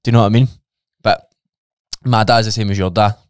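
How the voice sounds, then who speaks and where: A man's voice: on the low side, fairly even intonation, a little fast, clean tone, no echo, studio quality. A Scottish man chatting casually as a guest on a podcast, talking bluntly with plenty of swearing.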